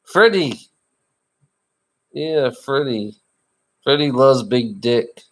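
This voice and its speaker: Man, casual chat, teasing, rambling, repeats himself, average pitch. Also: animated, extremely slow.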